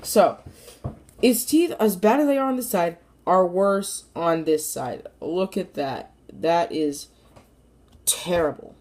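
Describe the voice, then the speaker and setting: Speaking slowly in a lowish voice, a woman reviews a toy on camera in a playful, rambling style. She jokes with viewers and even addresses the toy itself.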